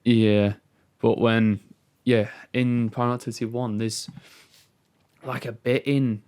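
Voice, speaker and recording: A man's voice: medium pitch, level tone, a little slow, a little mellow, clear, resonant tone. Rambling young man. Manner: rambling storyteller, heavy on fillers, laughs easily. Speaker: podcast co-host. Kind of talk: casual chat. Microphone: remote call recording.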